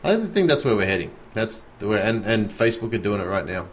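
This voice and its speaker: An Australian man with a lowish voice co-hosts a casual podcast. He chats with enthusiasm and comes back energized after every pause. His talk runs in quick, animated bursts. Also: slight background noise. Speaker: podcast co-host.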